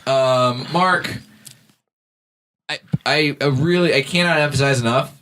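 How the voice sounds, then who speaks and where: A man's voice: mid-range voice, unhurried, bright, forceful tone, slight background noise. A man hosting a comedy podcast, ribbing his guest in casual banter. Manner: teasing, mock-insulting. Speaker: podcast host.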